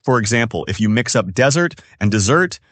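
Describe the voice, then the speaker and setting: A man's voice: lowish voice, sing-song, a little fast, fairly bright tone, no room sound. A man co-hosting a scripted English-learning podcast, speaking in an upbeat, explanatory way. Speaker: podcast co-host.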